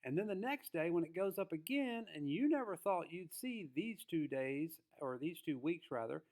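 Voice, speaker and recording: A man giving a casual trading lesson to his viewers. His voice sits a bit high. He talks in an emphatic, folksy way. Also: animated, normal speed, darkish tone. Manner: emphatic, folksy, acts out quotes. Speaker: trading educator.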